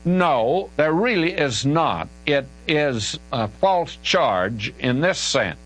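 A man's voice: medium pitch, fairly bright tone, rough recording. An older man, a Bible teacher answering listener questions on radio in an emphatic, folksy, conversational way. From Southern United States. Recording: archival radio recording with mains hum.

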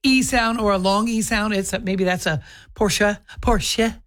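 A woman co-hosting a morning radio show in relaxed banter. She chimes in often and tells her own stories along the way. Her voice sits at an ordinary pitch. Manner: conversational, quick to laugh and chime in. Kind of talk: casual on-air banter.

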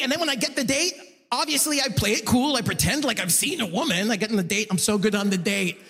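A male stand-up comedian working a live room, with a voice that sits high and swoops around a lot. He breaks into excited high yelps when acting out moments. His voice carries through a reverberant venue with a long tail. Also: fast talker. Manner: animated, swinging into high excited yelps for acted-out bits. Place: comedy club stage.

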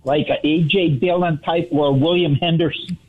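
A man's voice: fairly high pitch, fairly even intonation, moderate pace, breathy edge. A man calling in to a sports radio show, arguing his point insistently. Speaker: caller. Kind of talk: phone-in call. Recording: tinny phone line.

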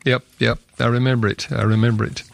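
A man's voice: mid-range voice, little pitch movement, fast, creaky, no room sound. An older man, an author and guest, telling a personal story in an earnest, reflective way with small fillers. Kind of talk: personal storytelling in a radio interview.

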